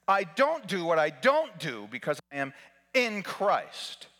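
A man preaching a sermon in a church, his bright, forceful voice rising to shouts and dropping to hushed near-whispers. The pitch swings widely as he drives home his points. A long reverb trails behind every phrase. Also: very animated, slow.

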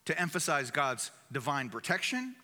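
A man's voice: on the high side, very animated, moderate pace, bright, forceful tone. A man preaching a sermon in an emphatic way, repeating key phrases for weight. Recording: echoey hall.

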